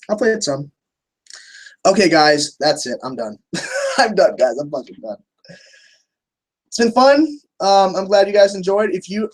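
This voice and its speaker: A man's voice: on the high side, fairly bright tone. A young man hosting a casual livestream, answering viewer questions in a rambling way, restarting sentences and swearing freely.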